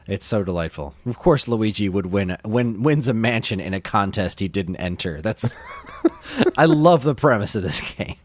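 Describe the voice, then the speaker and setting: A man's voice: lowish voice, lively intonation, moderate pace, no room sound. A man co-hosting a gaming podcast in casual chat, enthusiastic and rambling, often laughing. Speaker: podcast co-host.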